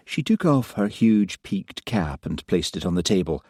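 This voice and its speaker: A man narrating an audiobook in a measured, even way. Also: deep voice, slightly rough, no room sound, studio quality. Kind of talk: scripted narration.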